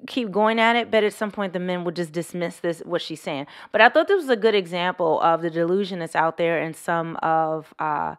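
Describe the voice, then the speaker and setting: A woman vlogger giving emphatic reaction commentary, slowing down and lowering her voice to drive points home. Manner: emphatic, drops to slow low tone for emphasis.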